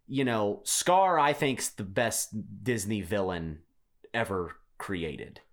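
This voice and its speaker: A man's voice: fairly low pitch, slow pace. A man co-hosting a podcast in casual chat, stating strong opinions in emphatic, declarative sentences. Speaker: podcast co-host.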